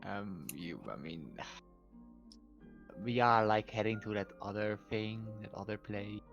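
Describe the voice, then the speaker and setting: A man playing a tabletop game, relaxed, describing his character in the third person. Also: lowish voice, slow pace, vocal fry, lo-fi sound, faint music behind. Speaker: player. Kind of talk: casual tabletop play.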